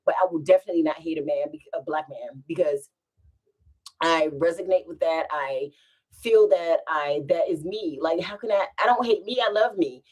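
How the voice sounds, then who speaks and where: This vlogger talks at a normal speed in a husky, low-pitched voice. Chatting casually from home, she spins an animated, rambling tale full of laughter.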